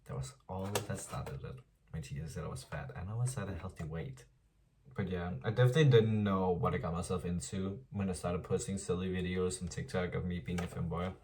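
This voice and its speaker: A young man with a lowish voice speaks candidly in a casual home vlog, chatty and open with his viewers. He laughs often and calls them "girl". The mic sits a little way off, so he sounds slightly distant. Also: fairly even intonation, brisk, background noise. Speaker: vlogger. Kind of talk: casual confessional vlog monologue. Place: home apartment.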